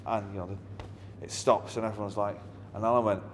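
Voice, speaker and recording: A man's voice: fairly low pitch, flat delivery, moderate pace, few pauses. A middle-aged man, a musician telling anecdotes in an interview in a blunt, wry, heavily swearing manner. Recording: long reverb with faint ambient noise.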